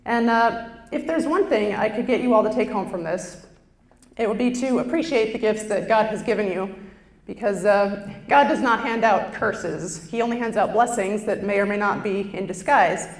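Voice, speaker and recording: A woman doing stand-up storytelling on stage with a lapel mic, in a chatty, self-deprecating way. Her voice sits at a middle pitch for a woman. The sound carries a roomy echo from the stage hall around her. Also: moderate pace. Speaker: stand-up performer. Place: stage before a live audience.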